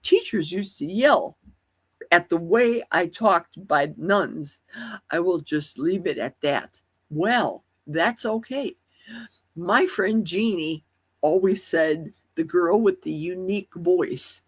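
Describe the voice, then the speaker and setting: A woman hosting a casual livestream chat, with a high, youthful-sounding voice, rambling and asking many rhetorical questions. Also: animated, slow, husky. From Wisconsin. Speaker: livestream host. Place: at home in a forest.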